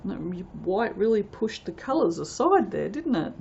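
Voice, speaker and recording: A woman's voice: medium pitch, sing-song, measured pace, gravelly, a little mellow, husky, muffled recording. A woman chatting casually as she works on a soap-making vlog, rambling along with self-deprecating asides. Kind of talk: casual commentary while working.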